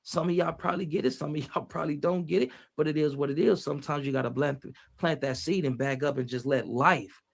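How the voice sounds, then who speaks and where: A man's voice: a little high, fairly even intonation, fairly quick, vocal fry, hardly any pauses. A man giving casual, preachy motivational talk on a livestream, using street slang and repeating his phrases as he reads the chat.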